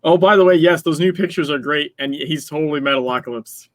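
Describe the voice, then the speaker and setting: Male podcast co-host, slightly high voice, dry sound, lively and quick. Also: no room sound. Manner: animated, quick asides, laughs and swears. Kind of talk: casual gaming podcast chat.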